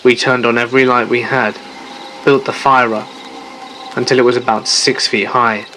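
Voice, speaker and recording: A man telling a first-person horror story in a steady, measured narration. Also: medium pitch, noisy background. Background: faint music.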